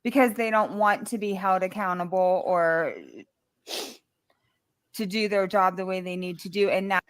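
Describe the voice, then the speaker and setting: A woman's voice: mid-range voice, steady tone, moderate pace, clean tone. A woman speaking at a public comment session, earnest and aggrieved.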